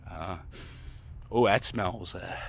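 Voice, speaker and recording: A man's voice: sits low, slow pace, creaky. A man rambling casually while he walks a snowy abandoned waterfront, chatting to his dog on a handheld camera. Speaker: vlogger exploring abandoned sites. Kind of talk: casual walking commentary. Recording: outdoor noise.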